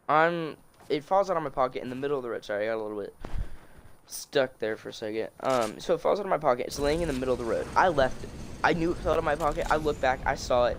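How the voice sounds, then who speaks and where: A young man tells a story casually into his phone, rambling and restarting his sentences as he goes. His voice sits at an ordinary pitch for a man. Clear clicking noises run under the recording. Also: slight background noise. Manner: rambling, many restarts and fillers. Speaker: storytelling vlogger. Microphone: phone screen recording.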